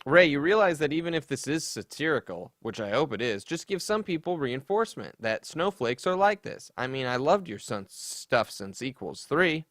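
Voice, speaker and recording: A sarcastic man hosts a podcast, his pitch swinging widely as he riffs and mocks. The sound is dry and close, with no room around it. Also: very animated, moderate pace, hardly any pauses, fairly bright tone, no echo. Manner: sarcastic, mocking, with sassy put-on voices for quotes. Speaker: podcast host. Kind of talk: casual comedic commentary.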